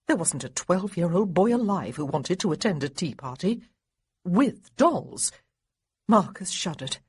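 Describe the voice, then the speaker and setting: A woman narrating an audiobook in an expressive, wry storytelling manner, with a husky voice. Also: lowish voice, a little slow, no echo. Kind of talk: scripted narration.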